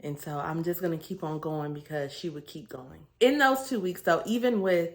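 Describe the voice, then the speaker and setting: A woman's voice: deep voice, normal speed. A woman giving a candid, casual vlog update to her viewers, talking in an earnest, chatty way with plenty of fillers and restarts. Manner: chatty, earnest, with frequent fillers and self-corrections. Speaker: vlogger sharing a weight-loss surgery journey.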